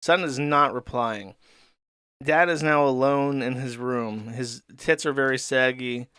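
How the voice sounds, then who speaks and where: A man hosting a show, giving rapid, deadpan, mocking commentary on internet content. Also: mid-range voice, clean tone, dry recording, clean studio sound. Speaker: show host. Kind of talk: sardonic commentary on online content.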